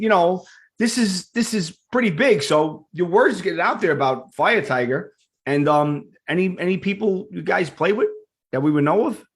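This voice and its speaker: Loud New York man hosting. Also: high voice. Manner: loud, chatty, animated. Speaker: podcast host. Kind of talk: casual interview over a video call.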